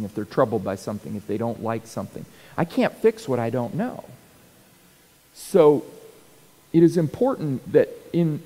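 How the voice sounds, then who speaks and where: A man's voice: medium pitch, dark tone, big-room sound, rough recording. A middle-aged man, a pastor, talking casually about leadership and telling stories from his life. He laughs often and restarts and repeats words as he talks. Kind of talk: casual leadership talk with anecdotes.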